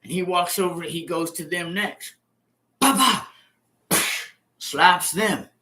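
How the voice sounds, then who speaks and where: A man in his fifties, once a prisoner, tells his own story in a casual way, swearing, repeating himself, and acting out scenes with sound effects. His voice is high-pitched and steady, pushed and bright, delivered at a measured pace.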